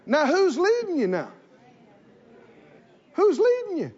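Male preacher, high voice, repeats lines for emphasis, church congregation, muffled sound. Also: takes it slowly, slight background noise. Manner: animated, repeating phrases for emphasis. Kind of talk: sermon.

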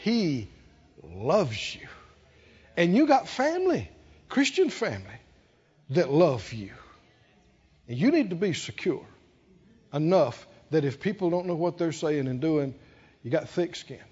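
A pastor preaching a sermon, calling on the congregation to answer and swinging from hushed lows to loud peaks. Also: male voice, very animated, a little slow, pauses often, husky. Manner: call-and-response preaching, swinging from low hush to loud. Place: church sanctuary. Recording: dull lo-fi sound in a reverberant church.

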